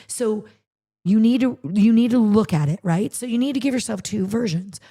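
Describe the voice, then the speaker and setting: A woman's voice: a little high, moderate pace. A woman hosting a podcast, chatting casually and animatedly, acting out quotes as she tells stories. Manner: animated, storytelling with acted-out quotes. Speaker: podcast host; charity podcast co-host. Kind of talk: casual chat.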